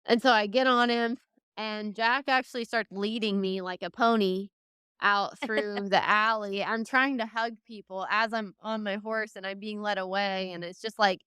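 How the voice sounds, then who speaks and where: A woman's voice: medium pitch, steady tone, moderate pace, sharp tone, clear, resonant tone, no echo, clean studio sound. A young woman, a horse trainer, tells a podcast interviewer a long, emotional story in a rambling way, full of fillers like "like" and "you know". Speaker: guest, reining horse trainer.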